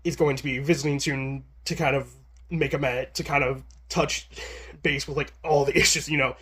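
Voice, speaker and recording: A man's voice: mid-range voice, fairly even intonation, normal speed, a bit bright, breathy edge. A man giving a casual manga chapter review. He sounds nervous and stammers often, with many restarts, but stays chatty and laughs a lot.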